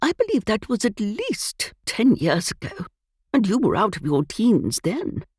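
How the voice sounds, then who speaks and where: A woman's voice: medium pitch, wildly swooping pitch, a little slow, a little mellow, slightly rough, dry recording, pitched above the performer's own voice, full character voice. A woman voicing an elderly aristocratic aunt with a dry, cutting wit, in an audiobook. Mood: tart, dry.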